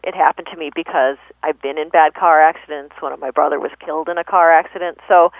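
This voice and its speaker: A woman guest explaining communication in a thoughtful, conversational way, pausing often with fillers and self-corrections. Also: lowish voice, dry recording. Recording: tinny phone-line radio audio.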